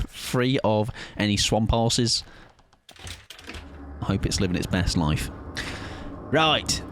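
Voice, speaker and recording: A man chatting casually with viewers while streaming a game, playful and rambling, chuckling often. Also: fairly low pitch. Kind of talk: casual live-stream chat while gaming.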